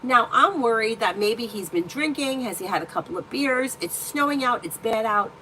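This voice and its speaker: A woman's voice: on the high side, lively intonation, moderate pace, fairly bright tone, slight background noise, rough recording. Blunt, candid woman reading tarot live. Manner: candid, blunt, swears freely. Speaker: tarot reader hosting a live stream. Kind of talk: casual live-stream chat and storytelling. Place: indoor room at home.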